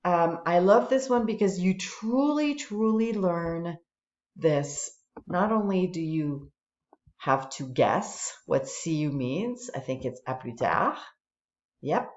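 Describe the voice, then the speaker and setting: Teacher's screen-recording voice: a woman, slow and patient with a lively sing-song pitch, dull echoey room sound. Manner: lively, patient, explaining step by step. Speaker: French teacher. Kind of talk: screen-recorded tutorial walkthrough.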